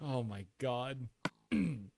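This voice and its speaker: A man chatting casually on a late-night live stream, excitable, laughing often and reading his chat aloud. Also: a little high, normal speed, a little hiss or hum.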